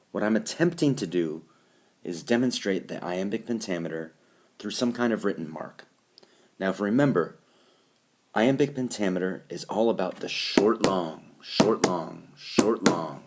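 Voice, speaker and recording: A man's voice: deep voice, darkish tone. A man teaching a recorded lesson, explaining step by step and reciting lines with exaggerated stress. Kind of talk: recorded classroom screencast lesson. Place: voice-over recorded over a whiteboard app.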